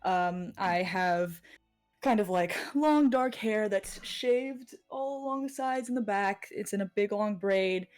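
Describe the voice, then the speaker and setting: A woman player describing her character at a tabletop game, hesitant and halting as she searches for words. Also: mid-range voice, a little mellow, soft background music.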